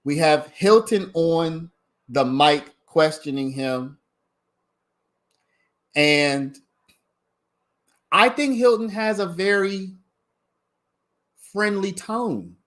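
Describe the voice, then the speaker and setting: A man's voice: high voice, a bit bright. A man hosting a casual livestream, giving his commentary in a chatty way and talking straight to his viewers. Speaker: livestream host commenting on a trial.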